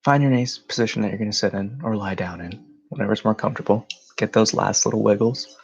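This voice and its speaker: Gravelly low-voiced man guiding meditation. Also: darkish tone, lo-fi sound. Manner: slow, soothing, drawn-out phrasing. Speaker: meditation guide. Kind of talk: guided meditation. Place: home.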